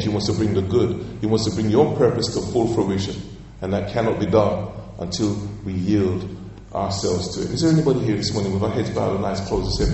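A man preaching a sermon as pastor, emphatic and calling out for responses, drawing key phrases out slowly and repeating them. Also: lowish voice, warm tone, recorded from a distance, a little hiss or hum. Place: church sanctuary. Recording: echoey church hall, voice from afar.

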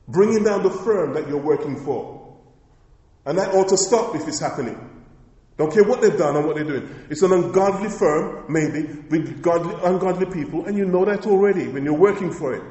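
A man's voice: on the high side, a little fast, warm tone. Emphatic male preacher in an echoey hall. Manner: emphatic, repetitive, rhetorical questions. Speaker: pastor. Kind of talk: sermon.

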